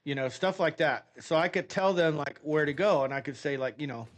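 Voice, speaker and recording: A middle-aged man chats while he plays a game, telling a long story in an animated way. His voice sits a little higher than most men's, and he breaks into laughter often. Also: a little fast. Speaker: game streamer. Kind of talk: casual storytelling while gaming.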